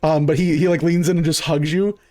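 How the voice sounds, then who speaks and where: A man's voice: a little high, flat delivery, brisk, warm tone. A man narrating as game master in a loose, laughing way, with many fillers.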